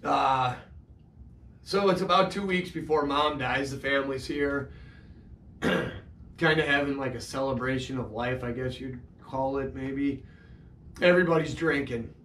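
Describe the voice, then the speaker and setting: A man telling his own life story in a halting, emotional way, full of restarts and fillers. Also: mid-range voice, a bit bright, roomy sound, far from the mic, a little hiss or hum. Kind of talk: personal storytelling monologue.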